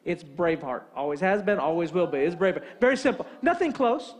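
A man's voice: sits high, expressive, quick pace. A man preaching a sermon, telling a funny story and acting out both sides of a phone call. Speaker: pastor.

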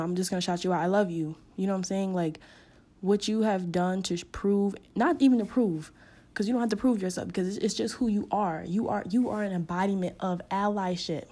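Impassioned young woman podcaster, warm voice. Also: lowish voice. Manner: emphatic, repeats phrases for stress. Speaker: podcast host. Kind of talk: impassioned solo podcast monologue.

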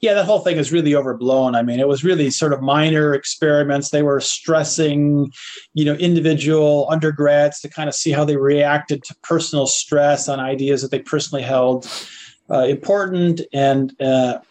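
A man's voice: fairly high pitch, fairly even intonation, normal speed, a little mellow. An older man, a philosophy lecturer, answering podcast interview questions in an earnest, hesitant way with frequent restarts.

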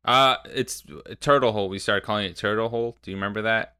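A man's voice: on the low side, quick pace, sharp tone, clear, resonant tone. A man playing a tabletop role-playing game with friends, loose and chatty, laughing easily. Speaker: player. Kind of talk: joking tabletop game play.

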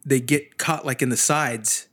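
A young man hosting a casual podcast, telling animated stories full of swearing. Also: medium pitch, measured pace, breathy edge. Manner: swears a lot, animated storyteller. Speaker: podcast host. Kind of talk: casual chat.

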